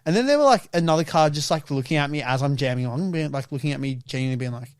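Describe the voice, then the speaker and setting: A young man on a podcast, telling car stories with plenty of swearing and mimicked voices. His fairly high voice jumps around with animation. The recording is close and dry. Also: expressive, very fast, clear, resonant tone, dry recording. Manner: sweary, acts out voices in anecdotes. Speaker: podcast co-host. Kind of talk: casual podcast banter.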